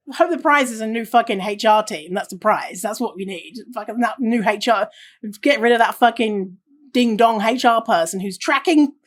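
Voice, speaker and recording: A woman with a slightly high voice hosts a solo podcast at normal speed. She talks casually while reading listener stories aloud, swearing freely and laughing often.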